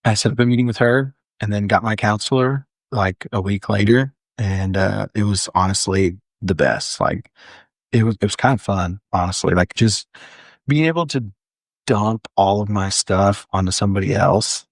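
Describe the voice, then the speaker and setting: Young adult male, lower register, dry studio sound; earnest interview guest recounting a story. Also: moderate pace, gravelly, no echo. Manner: earnest, frequent "like" fillers and restarts. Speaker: firefighter guest. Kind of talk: candid storytelling in a podcast interview.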